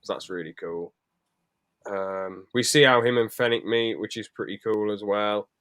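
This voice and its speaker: Male podcast co-host, slightly low voice, loose rambling chat, dry recording. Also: fairly even intonation, normal speed, fairly bright tone, smooth, dry recording. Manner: rambling, sweary, jokey asides. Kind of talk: casual chat.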